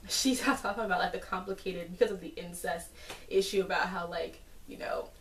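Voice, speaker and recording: A woman giving a casual, chatty episode recap, full of fillers and animated asides. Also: lowish voice, fairly quick, a little hiss or hum. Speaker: TV episode reviewer. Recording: roomy, distant from the mic.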